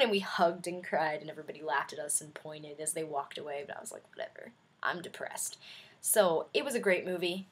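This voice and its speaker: A woman's voice: lowish voice, a bit bright, breathy edge. A young adult woman chatting in a casual video review, effusive and rambling with many fillers. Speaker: vlogger.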